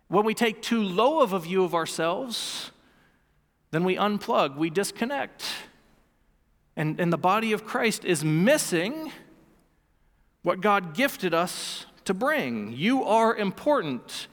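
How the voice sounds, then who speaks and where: A man's voice: sits high, very animated, slow, a bit bright, long reverb tail. A man in his thirties preaching a sermon as pastor, earnest and emphatic, often repeating key phrases. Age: 30s. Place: church sanctuary.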